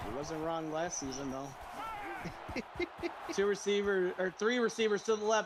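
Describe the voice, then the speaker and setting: A man calling play-by-play for a game stream in a casual, jokey way, laughing often and shouting on big plays. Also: high voice, normal speed, long pauses, soft background music. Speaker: play-by-play commentator.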